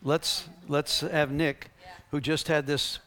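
High-voiced man preaching animatedly. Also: slow. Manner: animated, acts out dialogue, laughs. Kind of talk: sermon with storytelling.

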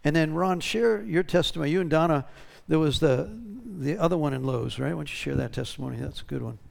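A man's voice: a little high, fast talker, vocal fry. A pastor talking casually to his congregation, drawing out testimonies and often checking in with "right?". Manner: conversational, tag questions.

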